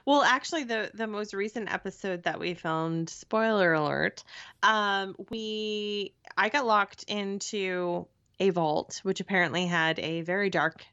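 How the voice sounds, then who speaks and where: A woman in a casual interview, telling her stories with animated, acted-out quotes and quick asides. Her voice sits at a middling pitch, and the recording sounds a little dull and lo-fi. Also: smooth. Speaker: podcast co-host and TV show cast member.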